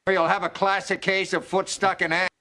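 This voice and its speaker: An actor playing a gruff, grumpy middle-aged dad who barks insults, heard in a TV clip over loud music. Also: male voice, sits high, little pitch movement, moderate pace. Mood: gruff threat.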